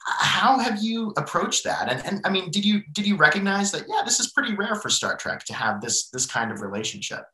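A man's voice: high-pitched, sing-song, brisk, hardly any pauses, sharp tone. A man moderating an interview, asking enthusiastic, rambling questions full of fillers. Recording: echoey room.

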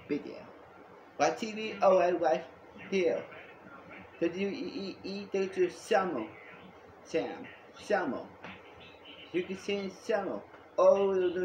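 A man rambling excitedly in a home video monologue, repeating himself and jumping between topics. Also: high-pitched, a little hiss or hum. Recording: echoey room.

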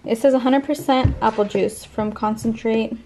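A chatty young woman rambles through a casual shopping vlog, speaking into a handheld camera with a slightly high voice. Loud background noise runs under her talk the whole time. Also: steady tone, normal speed. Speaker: vlogger. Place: in her car, then at home.

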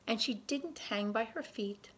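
A woman reading a picture book aloud to children, gently pausing to point out the pictures. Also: on the high side, husky.

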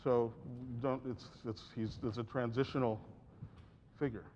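A man's voice: medium pitch, steady tone, measured pace, darkish tone, a little hiss or hum. A man giving a piano masterclass, coaching a student with encouragement and often singing phrases or counting beats aloud. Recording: slightly dull recording with piano. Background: piano playing.

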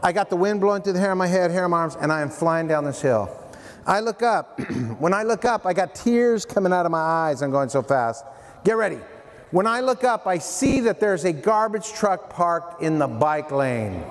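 Animated man speaking to students in a hall. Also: high-pitched, normal speed. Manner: animated, playful, addresses students directly. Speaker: youth prevention speaker. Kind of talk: school assembly talk. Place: middle school hall, indoors. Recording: long hall reverb, faint room noise.

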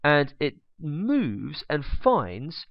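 A man's voice: a little high, huge pitch swings, drawn-out words, no room sound. A man teaching biology while drawing, chatty, with joking asides and humming as he sketches. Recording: dull, slightly lo-fi dry recording.

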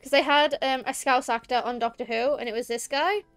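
A woman's voice: sits high, fairly even intonation, a little fast, soft background music. A woman with a Liverpool accent, chatting in a rambling, emphatic way as she streams a game. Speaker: VTuber streamer. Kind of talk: casual gameplay chat.

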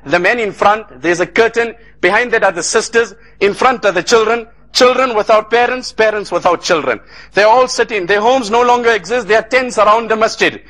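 A man from South Africa delivers an impassioned sermon in a high, bright, ringing voice. He speaks in repeated, rhythmic cadences and mixes Arabic phrases into his telling. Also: brisk. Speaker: Islamic lecturer. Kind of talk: emotional sermon storytelling.

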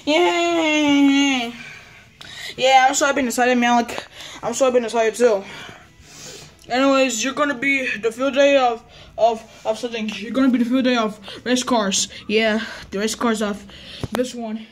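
A woman acting out a classroom with toys, talking haltingly and repeating herself. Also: fairly high pitch, steady tone. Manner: halting, repeats words and restarts often. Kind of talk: toy role-play as a teacher.

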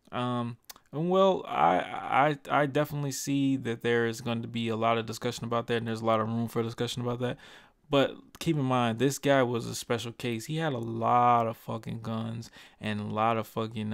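A young YouTuber with a medium-pitched, smooth voice and some vocal fry shares earnest, passionate views in a commentary vlog, swearing casually. He talks haltingly, often stumbling, stuttering and restarting. It's recorded on a desk microphone with clean studio sound and no room sound.

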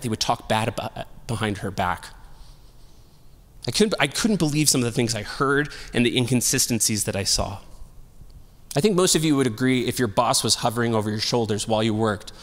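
A man's voice: lowish voice, big-room sound. Casual, joking male pastor preaching. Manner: casual, humorous, animated storytelling. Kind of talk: sermon. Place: church sanctuary.

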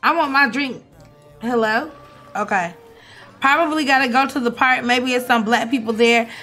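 A young woman, giving animated, swearing, mock-outraged commentary as she plays a life-sim game. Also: a little high, moderate pace, faint music behind. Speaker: gaming streamer. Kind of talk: casual gameplay commentary.

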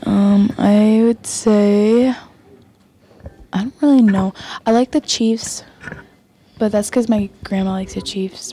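A woman's voice: medium pitch, fairly even intonation, takes it slowly, mellow, a little hiss or hum. A young woman co-hosting a student broadcast, chatty and agreeable. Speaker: student co-host.

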